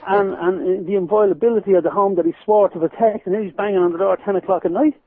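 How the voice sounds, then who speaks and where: Irish male guest, lively storyteller, talks fast, calling in over a phone line. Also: high voice. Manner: animated storyteller, laughs while telling anecdotes. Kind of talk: phone-in radio interview. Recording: tinny phone line, dry.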